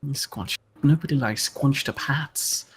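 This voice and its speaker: A man's voice: mid-range voice, a little slow, breathy edge. A man joking and teasing his friends while playing a multiplayer game together. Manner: teasing, argumentative banter. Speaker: co-player. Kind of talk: casual multiplayer gameplay chat.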